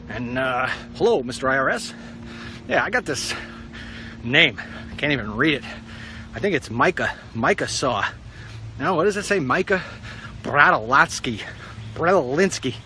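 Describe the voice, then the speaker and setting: A middle-aged man telling a rambling story in a casual vlog, wry and animated. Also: medium pitch, a little hiss or hum. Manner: wry, animated, puts on silly voices for quotes. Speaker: vlogger.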